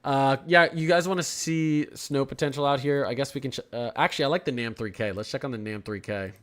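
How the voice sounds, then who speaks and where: A man's voice: medium pitch, brisk, a bit bright. Chatty man streaming live weather. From Florida. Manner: chatty, restarts and repeats words, reads chat aloud. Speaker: weather livestream host. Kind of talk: casual live weather commentary.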